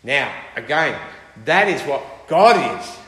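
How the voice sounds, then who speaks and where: A man's voice: mid-range voice, sing-song, takes it slowly, a bit bright. A man preaching a sermon with emphasis, often putting rhetorical questions to his listeners. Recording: echoey hall with long reverb.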